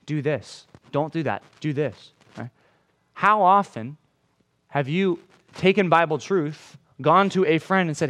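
A man's voice: a little high, expressive, normal speed, fairly bright tone. A man preaching a sermon to a congregation in a room, talking conversationally, checking in with "right?" and acting out quoted lines in changed voices. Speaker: pastor.

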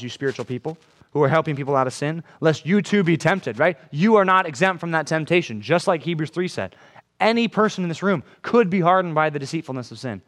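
A man's voice: on the high side, a bit bright. A man preaching a sermon to a congregation in a room, talking conversationally, checking in with "right?" and acting out quoted lines in changed voices. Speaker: pastor.

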